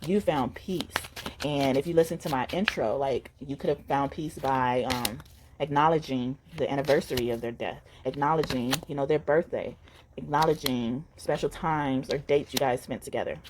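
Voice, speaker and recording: A woman with a notably low, deep voice gives a casual tarot reading straight to camera. She talks earnestly and affectionately, rambling and often repeating her words. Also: moderate pace, background noise. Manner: affectionate, addressing the viewer directly. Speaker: tarot reader.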